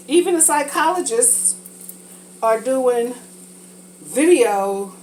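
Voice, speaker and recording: A woman's voice: high voice, darkish tone, a little hiss or hum, low-quality recording. A woman talking casually and frankly while cooking for a vlog, rambling from thought to thought, a little congested from a sinus infection. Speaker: vlogger.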